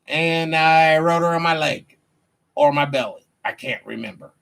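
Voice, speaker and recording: A man's voice: a little high, a little slow, gravelly, a bit bright, no room sound. A man hosting a show, reacting to a clip with angry, profane commentary. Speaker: show host.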